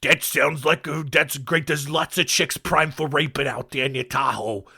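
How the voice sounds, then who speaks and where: A man's voice: on the high side, fairly even intonation, moderate pace, creaky, pushed and bright, husky, full character voice. A man putting on the voice of a smug, sinister scheming man as he mocks him on a podcast. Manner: drawling, smug put-on voice.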